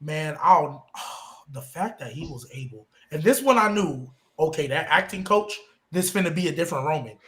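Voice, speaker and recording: Podcast guy chatting, voice jumps all over the place when he does the quotes. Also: moderate pace. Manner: animated, acts out quotes with big pitch swings. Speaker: podcast co-host; youth coach. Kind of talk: casual chat.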